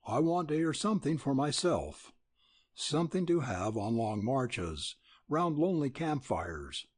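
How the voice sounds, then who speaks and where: A man reading the part of an earnest young man saying goodbye, steady and pleading. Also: medium pitch, a little slow, husky, no room sound, clean studio sound.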